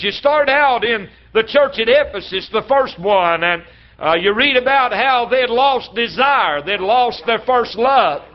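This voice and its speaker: Brief: very high-pitched man, fervent traveling preacher, lo-fi sermon tape. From Blue Ridge Mountains, North Carolina. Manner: fervent, rhythmic repetition. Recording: dull lo-fi recording.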